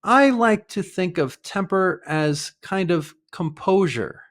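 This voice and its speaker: Slow, lively American man teaching. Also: high voice. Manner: slow, clear teaching delivery with short acted example dialogues. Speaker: English teacher. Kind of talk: vocabulary lesson with acted dialogues.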